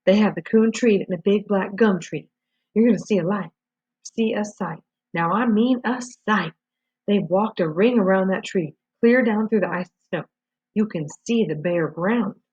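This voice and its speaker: A woman voicing an excitable middle-aged male hunter who talks in a breathless, jumpy, apologetic way, read from a storybook. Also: medium pitch, moderate pace, husky, natural voice. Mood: eager. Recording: dull lo-fi recording.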